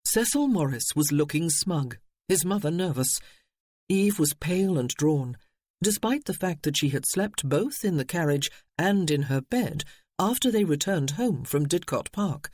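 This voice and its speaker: A man reading a novel aloud in steady audiobook narration. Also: on the high side, measured pace, no echo, studio quality.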